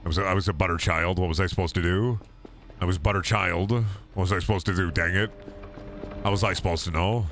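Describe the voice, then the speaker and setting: A young man streaming a game, rambling in a self-mocking way and swinging into loud mock outrage. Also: sits low, steady tone, fast. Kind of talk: casual gaming stream chatter.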